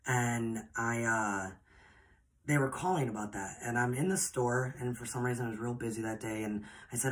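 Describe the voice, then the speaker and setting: A woman's voice: a bass voice, moderate pace. A woman, a spiritual podcaster telling personal stories in a chatty, rambling, earnest way. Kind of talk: personal storytelling.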